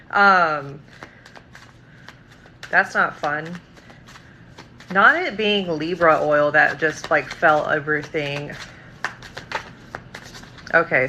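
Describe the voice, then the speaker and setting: A woman's voice: on the low side, noisy background. A woman giving tarot readings on a livestream, casual and scattered, with frequent ums and likes and free swearing.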